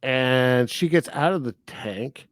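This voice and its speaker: A man's voice: medium pitch, slow pace, no room sound, clean studio sound. A man co-hosting a podcast, casually recapping a film scene by scene with quoted asides. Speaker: podcast co-host. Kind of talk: casual film review chat.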